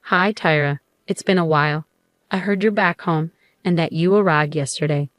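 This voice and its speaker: A woman's voice: low-pitched, moderate pace, no room sound, studio quality, lightly acted. A woman voicing a cold, demanding middle-aged mother-in-law in a narrated story. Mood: cool, pushy. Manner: demanding and icy.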